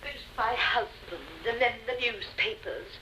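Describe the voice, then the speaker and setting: An actress playing an indignant wife accused of an affair in a 1950s television drama, haughty and clipped. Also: female voice, on the high side, expressive, a little slow, background noise. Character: indignant wronged wife in her forties.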